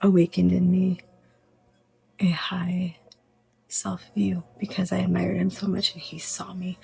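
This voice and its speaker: A woman's voice: medium pitch, fairly even intonation, moderate pace, creaky, warm tone, faint music behind. A woman vlogging casually, rambling with many fillers and laughing often as she drives around in her car. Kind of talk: casual vlog chat. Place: car, driving.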